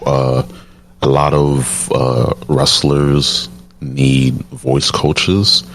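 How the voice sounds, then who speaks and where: A man hosting a casual podcast discussion, speaking in a halting way with frequent restarts and fillers. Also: little pitch movement, a bit bright. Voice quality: baritone. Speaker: podcast host.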